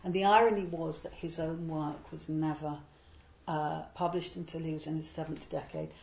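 A woman, a literary translator, explaining a poet's life in a digressive way and reading verse slowly and deliberately. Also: deep voice, fairly even intonation, creaky, darkish tone, reverberant, slight background noise, rough recording. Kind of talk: talk on poetry with a verse reading.

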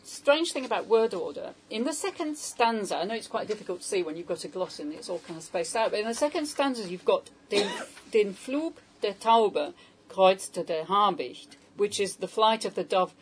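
A woman's voice: medium pitch, animated, fast, hardly any pauses, slight background noise, low-quality recording. A woman translator giving an informal talk on poetry to a small audience, hesitant and full of questions to the room. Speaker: poetry translator leading a salon.

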